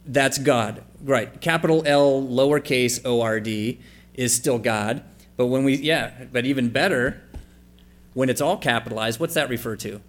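Here a pastor with a mid-range voice and measured pace gives a sermon, reading scripture aloud and then discussing it conversationally. Along the way he questions the congregation and spells out letters to emphasize them.

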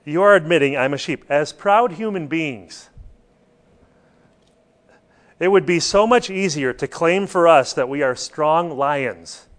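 A man's voice: a little high, moderate pace, a bit bright. A man preaching a sermon, stressing points and putting questions to his listeners. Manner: rhetorical questions to the congregation, emphatic.

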